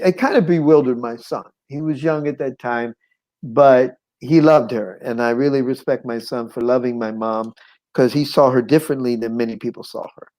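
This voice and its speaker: A middle-aged man, a show guest, telling a personal life story in an animated, conversational way, acting out voices and chuckling often. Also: on the high side, rough recording. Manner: conversational with frequent "you know what I'm saying".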